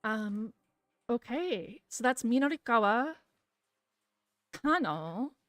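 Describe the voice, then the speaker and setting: A woman reading a visual novel aloud in a soft, soothing voice, with casual, swearing asides. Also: fairly high pitch, very animated, takes it slowly, no echo, clean studio sound. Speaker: streamer reading a game aloud.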